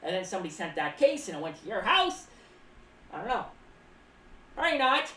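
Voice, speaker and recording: A woman's voice: medium pitch, sing-song, brisk, a bit bright, far from the mic. A woman streaming as a clown, casually rambling and reading chat aloud, often speaking of herself in the third person. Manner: rambling, playful asides. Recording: roomy, off-mic with faint background noise.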